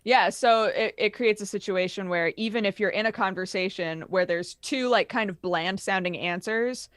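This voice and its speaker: A woman co-hosting a podcast, chatting casually about games as an animated, laughing storyteller who swears freely. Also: medium pitch, moderate pace, no echo, studio quality. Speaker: podcast co-host.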